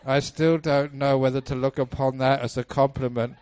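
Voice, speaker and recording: A man, a Buddhist monk, giving a dharma talk at a retreat, telling stories with lots of changes in pitch and pace and laughing often. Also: flat delivery, normal speed, a little mellow, smooth. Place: temple hall, live talk.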